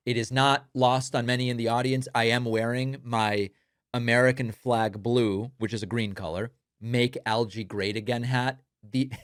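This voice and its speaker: A man's voice: medium pitch, no room sound, studio quality. A man hosting a political commentary show, mocking and sarcastic in his delivery.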